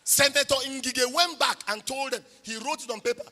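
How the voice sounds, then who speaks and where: A man with a Nigerian accent preaching a sermon testimony in a church, telling his story with animated energy that rises to shouts. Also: very high-pitched, normal speed. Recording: long hall reverb.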